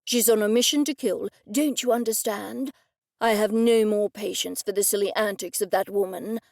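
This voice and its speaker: A woman reading an audiobook, voicing a pompous, stubborn elderly gentleman who speaks with indignant, fussy formality. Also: mid-range voice, steady tone, normal speed, creaky, no room sound, studio quality, lightly acted.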